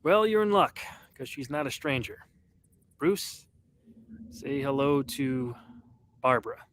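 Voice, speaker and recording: Earnest young male sidekick, voiced by a man, bright, slow, lively delivery, faint ambience. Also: medium pitch, a little hiss or hum. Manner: earnest, pleading.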